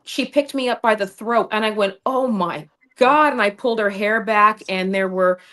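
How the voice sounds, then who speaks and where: A woman's voice: medium pitch, steady tone, brisk, fairly bright tone. A woman hosting a political talk show over a video call, telling a story with indignant passion. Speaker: political podcast host.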